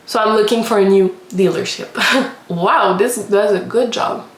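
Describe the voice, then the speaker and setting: A woman's voice: mid-range voice, measured pace. A young woman tells a story while doing her makeup, chatty and loose, swearing freely and saying "like" a lot. Her voice sits in the middle of the range. The room around her gives a roomy echo. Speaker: beauty vlogger.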